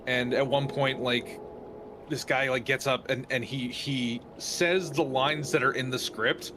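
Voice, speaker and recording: A man co-streaming a game, chatting casually, riffing and cracking jokes in an animated way. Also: medium pitch, noisy background. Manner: jokey, animated, quick to riff.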